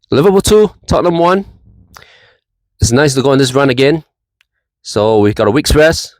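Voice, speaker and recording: A man's voice: mid-range voice, no room sound, low-quality recording. A man who runs a football fan channel, talking casually in a reaction vlog with easygoing banter.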